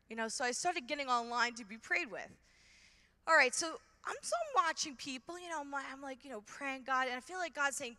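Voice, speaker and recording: A middle-aged woman from Brooklyn with a New York accent, giving an animated testimony talk at a conference and acting out her own reactions. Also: sits high, quick pace. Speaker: conference speaker. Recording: hall reverb from a large venue.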